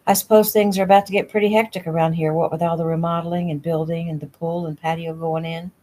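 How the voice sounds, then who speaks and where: A woman's voice: fairly low pitch, little pitch movement, fast talker, warm tone, lightly acted, poor audio. A woman reading the lines of an easygoing, teasing young rancher man, in a casual audiobook reading at home. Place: home room.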